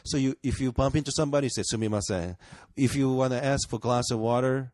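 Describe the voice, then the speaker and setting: A man talks bluntly and earnestly, swearing freely as a podcast guest. His voice sits at an ordinary middle pitch and sounds close and dry, with no room around it. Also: flat delivery, rapid-fire, darkish tone, no echo. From Japan. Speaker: guest comedian. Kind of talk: casual podcast chat.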